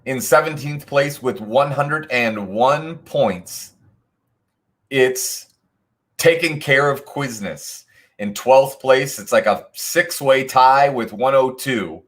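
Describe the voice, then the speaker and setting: The trivia host speaks slowly in a mid-range voice with a slight brightness. He goes through answers and scores for the online game and needles players in the chat with sarcastic jokes.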